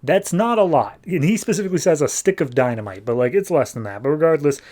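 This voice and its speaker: A man's voice: a little high, lively intonation, quick pace, dark tone. A man hosting a podcast, casually recapping a comic with jokes and acted-out voices. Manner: chatty, jokey, acts out the characters. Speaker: podcast host.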